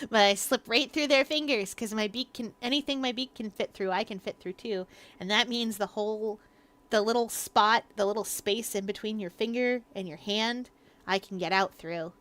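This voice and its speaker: A woman streaming a game, chatting casually in a rambling, playful way, with sudden loud, silly bursts. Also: medium pitch. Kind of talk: casual gaming livestream chat.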